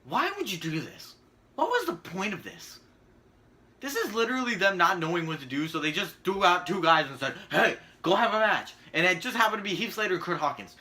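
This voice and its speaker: A man's voice: high-pitched, sharp tone. A man giving a profane, sarcastic ranting video commentary as a vlogger.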